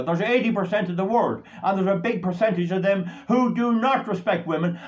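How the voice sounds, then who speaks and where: A man's voice: high-pitched, highs cut off. An older Irish man giving an indignant solo monologue to his viewers, repeating his points with emphasis. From Ireland. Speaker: political commentator.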